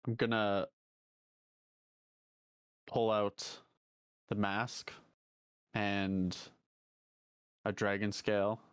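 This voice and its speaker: A man's voice: on the low side, clear, resonant tone, dry recording. Hesitant man playing a tabletop game. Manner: hesitant, laughs often, restarts. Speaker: player. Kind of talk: casual tabletop game chat.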